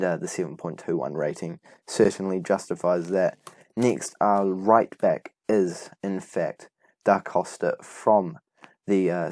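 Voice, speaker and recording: Young man, very deep voice, dry close sound, chatty self-correcting game commentary. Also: a little mellow, no echo. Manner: rambling, self-correcting, enthusiastic. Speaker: gaming YouTuber.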